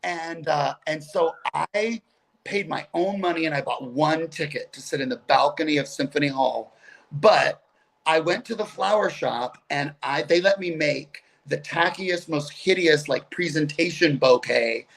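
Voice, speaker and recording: A middle-aged guest comedian tells stories over a video call, animated and chatty with quick asides. His voice is a little high and gravelly.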